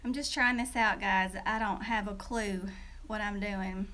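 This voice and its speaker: A woman's voice: medium pitch, fairly even intonation, measured pace, sharp tone. A woman, a teacher chatting casually and a little nervously on a livestream from her classroom, greeting viewers by name.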